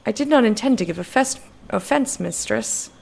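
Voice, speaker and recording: A woman's voice: on the high side, lively intonation, normal speed, vocal fry, darkish tone, slightly rough, full character voice. A woman reading game dialogue aloud as a formal, literal-minded robot servant. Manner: stiff, literal, polite, says "mistress".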